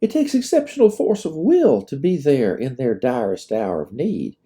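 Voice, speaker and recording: Courteous young cavalry-era lieutenant, author voicing him, dark tone, expressive; storybook. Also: male voice, medium pitch, moderate pace, voice pushed up, close to an everyday voice. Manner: formal and courteous.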